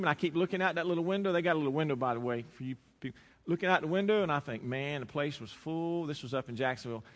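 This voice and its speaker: A pastor preaches in a long-echoing hall. His voice is fairly high and bright. He tells a story, then builds to emphatic preaching. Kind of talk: sermon.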